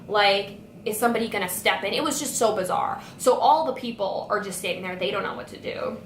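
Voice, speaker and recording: A woman's voice: medium pitch, a little fast. A young woman vlogger telling a storytime tale with lots of "like" fillers. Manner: animated retelling full of "like" fillers. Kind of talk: storytime vlog. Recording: echoey room with faint noise.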